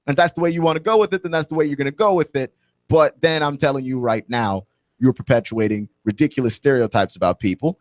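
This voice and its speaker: A man in a radio studio delivers a heated, opinionated monologue at a mid-range pitch. He presses his points with indignant emphasis, and the recording is close and dry with no room sound. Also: fast, dry recording. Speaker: radio talk show host.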